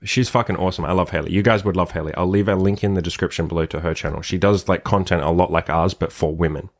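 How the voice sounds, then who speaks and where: A young man hosts a casual podcast in a brash, crude, joking way, swearing freely. His voice sits fairly low. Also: steady tone, quick pace. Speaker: podcast host. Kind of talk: crass casual podcast chat.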